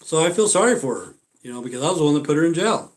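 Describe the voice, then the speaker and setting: A man's voice: a little high, lively intonation, rapid-fire. A man telling a story to his livestream viewers in a rambling, profane, casual way. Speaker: livestream host.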